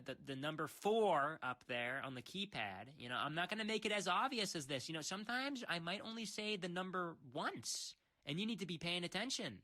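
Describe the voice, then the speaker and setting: A man's voice: a little high, sharp tone. A man rambling through a mock-serious comedic monologue as a puzzle world's creator, stammering and restarting often.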